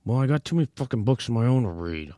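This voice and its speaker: A man co-hosting a comedy podcast, swearing constantly and jumping between loud outbursts and mumbled asides. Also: animated, rapid-fire, no echo, clean studio sound. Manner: profane, loud swings in pitch, mock ad reading. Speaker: podcast co-host. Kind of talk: crude comedic banter.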